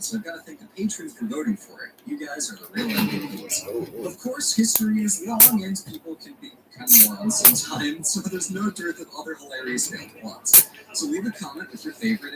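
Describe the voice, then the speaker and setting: A man with a notably high voice narrates a scripted history video, sardonic and full of jokes. The mic is set back from him. Steady background noise runs underneath. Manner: sardonic, jokey. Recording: distant mic, noisy background.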